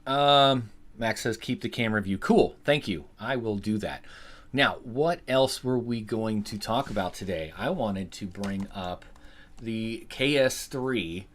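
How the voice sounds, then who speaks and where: A man's voice: fairly low pitch, a little slow, fairly bright tone. A man hosting a live stream, rambling casually, swearing freely and answering his chat. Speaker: livestream host.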